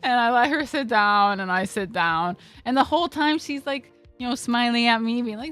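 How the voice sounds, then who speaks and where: A woman's voice: on the high side, normal speed, fairly bright tone, soft background music. A young woman streamer telling a casual story, rambling with lots of fillers and swearing freely.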